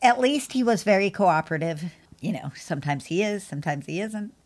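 A woman's voice: medium pitch, animated, brisk, a little mellow. A middle-aged woman co-hosting a podcast about pet grooming, chatting casually and laughing often. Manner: chatty, laughs often, mimics her cat meowing. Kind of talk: casual chat.

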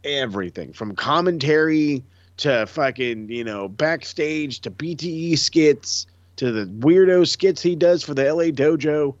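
A man co-hosting a casual chat show, animated and profane, often acting out what others said. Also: a little high, unhurried, no echo. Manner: animated, profane, acts out quotes. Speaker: podcast co-host. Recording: dull lo-fi dry mic.

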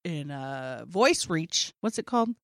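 Unhurried and low-voiced, a woman in her 40s shares a drawn-out funny story during casual chat. She animates it by acting out what people said, laughing often, all in a clean, dry studio recording.

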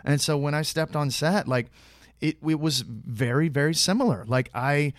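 A male actor guest with a fairly high voice talks at a moderate pace, recorded without echo. His long anecdote is casual and wandering, full of restarts and acted-out snippets of dialogue.

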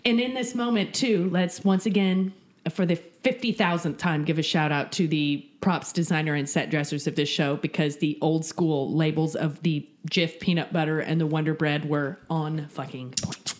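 A woman's voice: low-pitched, fairly even intonation, moderate pace. A woman co-hosting a podcast in casual chat, wry and upbeat, dropping the odd swear. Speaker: podcast co-host.

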